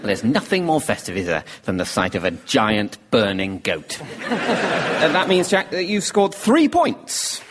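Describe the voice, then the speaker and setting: A man's voice: mid-range voice, huge pitch swings, a little slow, noisy background. Wry male quiz host. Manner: dry, wry delivery of jokes. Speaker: panel show host. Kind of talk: scripted comedy hosting. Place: theatre stage with a live audience.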